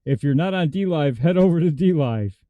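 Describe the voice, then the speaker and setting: A man's voice: on the high side, expressive, brisk, dry recording, phone-quality sound. A man hosting a casual livestream chat, jokey and greeting viewers by name. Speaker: host.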